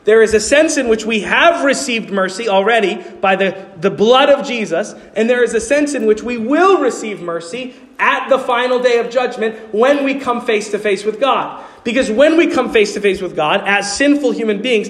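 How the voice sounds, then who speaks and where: A man preaching a sermon as pastor, earnestly asking his congregation questions as he explains. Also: very high voice. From New York City. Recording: long hall reverb.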